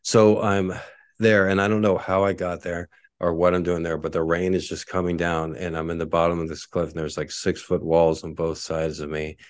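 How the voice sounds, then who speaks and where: A man's voice: low voice, level tone, normal speed, clean tone, no echo. A man from Texas, a podcast host, telling rambling casual stories full of "like" and casual swearing. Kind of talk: casual storytelling.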